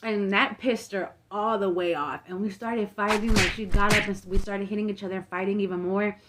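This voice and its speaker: A woman's voice: mid-range voice, steady tone, fairly quick, very noisy. Chatty young woman telling a story. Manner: chatty, profane, filler-heavy retelling. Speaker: vlogger. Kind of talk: casual storytime.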